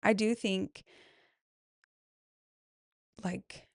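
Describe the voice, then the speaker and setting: A woman talks casually into a close mic, reading follower answers about motherhood and cheering each one on. Her voice has a gravelly, creaky edge, and she takes her time. The sound is dry and close. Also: medium pitch, steady tone, drawn-out words, dry recording. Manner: warm-hearted, affirming, chatty with frequent "I love that". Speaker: mom podcaster reading follower replies. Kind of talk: casual solo chat.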